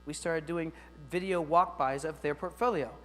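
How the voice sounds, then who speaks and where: Speaking to a room of teachers, this keynote speaker is energetic and jokey, addressing the audience directly in a lively conference talk. He has a fairly high pitch and normal speed, and the hall adds long reverb along with a faint mains hum.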